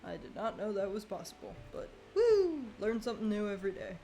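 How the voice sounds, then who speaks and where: A young woman streaming a game live, chatting casually, laughing often and reacting loudly to what happens on screen. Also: medium pitch, very animated, brisk, soft background music. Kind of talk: casual gameplay commentary.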